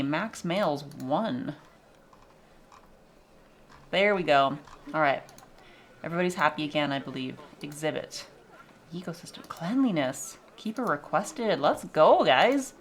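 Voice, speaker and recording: A woman's voice: low-pitched, animated, unhurried, pauses often, a little hiss or hum. A young woman casually chatting and swearing as she shows off her zoo game, laughing often. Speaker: vlogger showing a zoo game. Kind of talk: casual gameplay chat.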